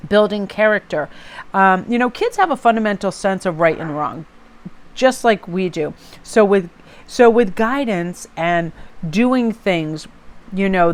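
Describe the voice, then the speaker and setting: A woman hosting a tarot positivity channel, talking in a chatty, upbeat way with quick laughs and asides. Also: fairly low pitch. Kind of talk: casual motivational vlog talk.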